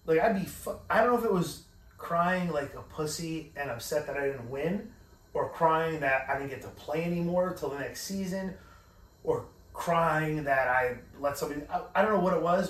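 A man in his forties talks in a slightly higher register, rambling and cursing as he tells emotional stories. He sits a little back from the mic in an echoey room. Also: moderate pace, recorded from a distance. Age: 40s. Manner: profane, rambling, emotional storytelling. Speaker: podcast co-host. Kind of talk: casual chat.

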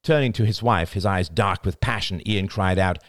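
A man reading a novel aloud as an audiobook, with expressive, dramatic storytelling. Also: low-pitched, normal speed, dry recording, studio quality. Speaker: audiobook narrator. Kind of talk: scripted audiobook narration.

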